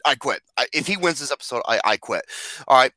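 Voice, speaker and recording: A man hosting a movie podcast in loud, excitable, teasing banter. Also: mid-range voice, fast talker, dry recording. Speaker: podcast host.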